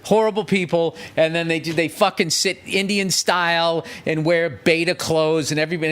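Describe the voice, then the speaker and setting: A man's voice: high voice, fairly quick, hardly any pauses, a bit bright. A man hosting a podcast, delivering a profane, sarcastic comedic rant monologue. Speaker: podcast host.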